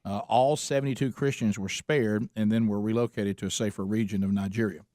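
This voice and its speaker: A man's voice: fairly low pitch, fairly even intonation, brisk, dark tone, no echo, clean studio sound. Man hosting talk radio. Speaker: radio show host. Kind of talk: talk radio chat and storytelling. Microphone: studio microphone.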